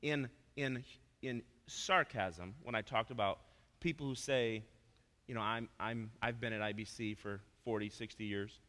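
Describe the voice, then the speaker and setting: Man preaching a sermon, bright voice, emphatic then soft, long church-hall reverb. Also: lowish voice, fairly even intonation, a little slow. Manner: emphatic, swings between loud proclamation and soft asides. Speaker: pastor. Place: church sanctuary.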